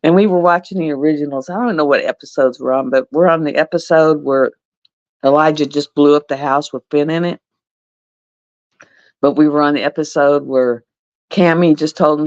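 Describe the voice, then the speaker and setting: A woman telling a casual, animated story, laughing often and repeating herself. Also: deep voice, moderate pace, no echo, lo-fi sound. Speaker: livestream host.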